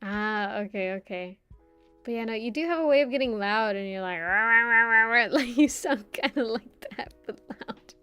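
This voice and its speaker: A woman streamer chats casually with her viewers and reads their comments, rambling, stumbling over repeated words, and laughing often. Her voice sits on the high side and sounds animated at a moderate pace, with a clean tone and faint music in the background.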